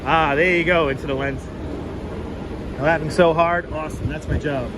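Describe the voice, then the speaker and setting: A man's voice: fairly high pitch, fairly even intonation, moderate pace. A man livestreaming as he walks through city streets, chatting casually and greeting viewers by name, on a wireless clip-on mic. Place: outdoors on busy city streets in summer heat. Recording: street traffic noise behind.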